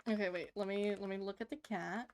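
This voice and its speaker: A woman's voice: medium pitch, steady tone, fairly quick. A woman in her thirties chatting casually to her stream while drawing, giggling and gushing over cute things. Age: 30s. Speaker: livestreamer.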